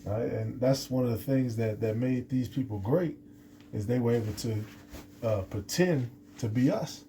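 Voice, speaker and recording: A man's voice: medium pitch, normal speed, dark tone, slight background noise. A man giving an unscripted scripture lesson, rambling with many restarts and fillers. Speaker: scripture teacher.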